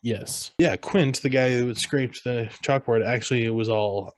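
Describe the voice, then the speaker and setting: A man's voice: medium pitch, a little slow, no echo. A man co-hosting a podcast, casually retelling a film scene by scene and acting out lines in raised voices. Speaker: podcast co-host. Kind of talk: casual movie recap chat.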